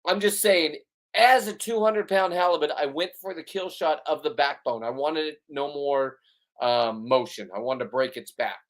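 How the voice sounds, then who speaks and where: A man's voice: fairly high pitch, moderate pace. Man, middle-aged, brash, boastful, swearing, fishing boat commentary. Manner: brash, swaggering, profane. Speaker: fishing channel host.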